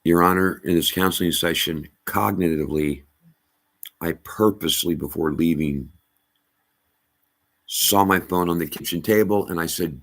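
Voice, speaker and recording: Deep-voiced middle-aged man giving halting testimony. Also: fairly bright tone. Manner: halting, emphatic, with many restarts. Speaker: storyteller addressing a rabbi. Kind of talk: personal testimony monologue.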